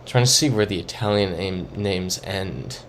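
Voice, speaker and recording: A man's voice: sits low, moderate pace, slight background noise. A young man streaming a geography guessing game, thinking aloud and reading chat messages in a casual, muttering way. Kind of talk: casual live-stream commentary.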